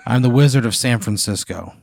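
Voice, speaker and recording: A man's voice: medium pitch, brisk, gravelly, darkish tone, a little hiss or hum, close to an everyday voice. A man voicing a boastful male wizard who taunts and threatens in a showy, smug way. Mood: smug menace.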